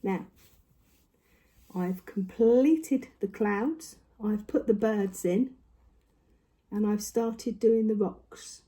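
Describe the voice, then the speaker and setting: In a home room, an older craft vlogger talks casually to her camera with a medium-pitched voice that's mellow and slightly rough. She draws out her words, leaves long pauses, seems a bit out of breath, and rambles with lots of tag questions.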